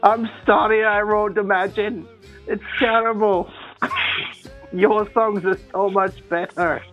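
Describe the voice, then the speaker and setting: A man putting on a deliberately bad, exaggerated impression of a male rock star from Liverpool, pleading and mocking. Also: high-pitched, fairly even intonation, fairly bright tone, faint music behind, pitched above the performer's own voice. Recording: tinny phone-like line.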